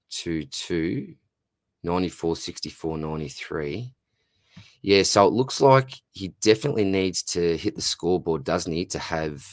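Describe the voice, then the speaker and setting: Deep-voiced Australian man, very dry sound. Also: no room sound. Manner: chatty, says "mate" constantly, greets viewers by name. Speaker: fantasy football livestream host. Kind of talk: casual livestream chat reading viewer comments.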